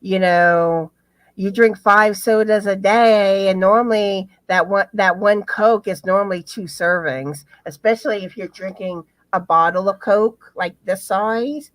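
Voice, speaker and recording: A woman co-hosting a casual live stream, talking slowly and loosely with plenty of fillers and restarts. Her voice sounds dry and close to the mic. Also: mid-range voice, no echo. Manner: rambling, many fillers and restarts. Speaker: co-host.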